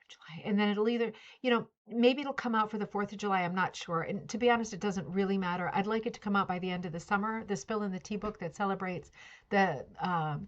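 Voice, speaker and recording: A middle-aged woman hosting a casual craft club livestream, greeting viewers by name and chatting in a friendly, rambling way. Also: mid-range voice. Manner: chatty, greets viewers by name, coos baby talk to her dog. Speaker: livestream host of a rug hooking club. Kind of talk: casual chat. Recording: slightly dull lo-fi livestream audio.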